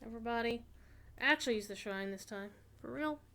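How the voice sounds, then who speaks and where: A woman's voice: on the high side, a little fast, bright, forceful tone. A woman streaming a video game, chatting casually with her viewers. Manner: chatty, talks to her chat, swears casually. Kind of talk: casual gaming commentary.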